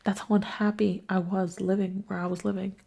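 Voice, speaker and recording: A woman's voice: medium pitch, little pitch movement, brisk, vocal fry, dark tone, husky. A young woman hosting a solo podcast, sick and worn out, talking frankly and with plenty of swearing. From New York. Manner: weary, frank and profane. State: sick, congested. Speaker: podcast host. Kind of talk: casual solo podcast venting.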